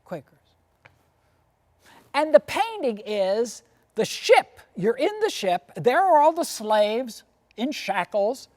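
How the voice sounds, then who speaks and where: A woman's voice: on the high side, sing-song, takes it slowly, long pauses, darkish tone. A woman lecturer and tour guide telling history as a story, posing questions to her audience and often adding "you see".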